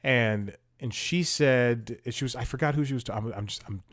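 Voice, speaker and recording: A man's voice: mid-range voice, moderate pace, fairly bright tone. A man hosting a casual commentary podcast, rambling with many restarts and fillers while he scrolls and multitasks. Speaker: podcast host.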